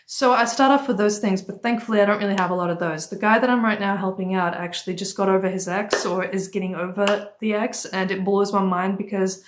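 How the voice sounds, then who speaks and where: A woman's voice: mid-range voice, a little hiss or hum. A young woman with a non-native accent coaching viewers on a livestream in a direct, chatty way, stopping now and then to thank commenters. Her voice sits in a middle range. Her phone picks up the echo of a bare room. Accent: non-native accent, origin unstated. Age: young adult. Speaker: dating and life coach. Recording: echoey room.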